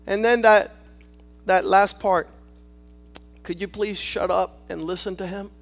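Man, very high voice, preaching, shouts then hushes, rhetorical, calls for amen. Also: steady tone, unhurried, gravelly, pauses often. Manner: swings between shouting and hushed asides. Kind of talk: sermon.

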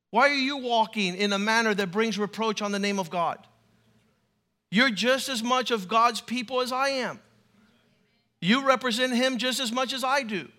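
A man's voice: extremely high pitch, pushed and bright. A man pastor preaching a sermon in an emphatic, humorous way.

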